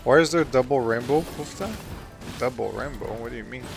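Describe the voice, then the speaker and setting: A man with a slightly sore throat, chatting casually with viewers while streaming a game, relaxed and full of fillers. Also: mid-range voice, brisk, gravelly, music in the background. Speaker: streamer answering chat questions. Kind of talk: casual live-stream chat while gaming.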